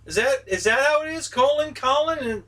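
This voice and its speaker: A man hosting a live stream, chatting casually with his viewers, easygoing and quick to laugh. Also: very high-pitched, expressive, sharp tone, distant mic. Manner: easygoing, laughs often, chats with viewers by name.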